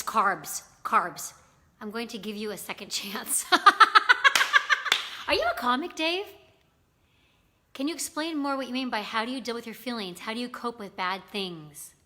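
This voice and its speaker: A woman with a bright, forward voice sitting a touch above the usual pitch hosts a casual live stream. She chats loosely with viewers, greets them by name and fills pauses with ums and restarts. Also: animated. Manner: chatty, greets viewers by name, many fillers. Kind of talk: casual live-stream chat reading comments.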